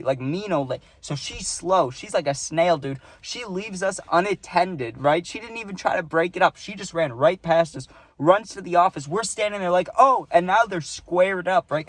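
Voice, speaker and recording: A young man telling a casual storytime, animated and full of filler words like "like" and "dude.". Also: sits high, no room sound.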